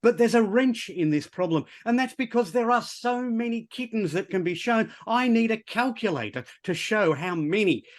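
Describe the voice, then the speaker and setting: A man's voice: sits high, expressive, normal speed, hardly any pauses. A man giving a playful, rambling improvised speech on a video call. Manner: rambling and whimsical, self-mocking. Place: online video meeting. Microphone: computer mic on a video call.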